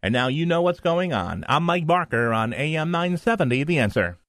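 A male radio anchor reading the news, traffic and weather in a steady scripted delivery. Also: a little high, moderate pace, music in the background.

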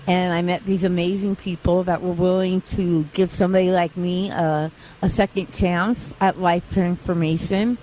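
A woman with a slight lisp tells her personal story in an earnest, halting way, restarting her sentences as she goes. Her voice sits a little low for a woman, with faint ambient noise behind her from the live event. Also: flat delivery, mellow, rough recording. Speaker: interview guest, mission staff. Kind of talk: personal testimony. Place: outdoors at a live charity event.

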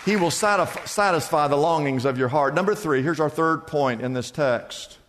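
A man preaching a sermon to a church, with dramatic phrasing that swoops from high to low and falls quiet. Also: a crowd in the background, background noise. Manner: dramatic preaching, drawn-out phrases, sharp drops in pitch and loudness. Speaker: pastor. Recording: long reverb of a church hall.

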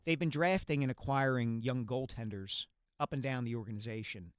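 Measured male sports columnist, dry studio. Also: medium pitch, clear, resonant tone, no room sound. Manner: measured, analytical, careful. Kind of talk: casual sports analysis.

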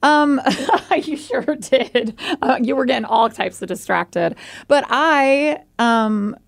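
Woman co-host, gravelly and teasing, dry close mic. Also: sits high, slow pace, no room sound. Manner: laughing, teasing. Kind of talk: casual podcast chat.

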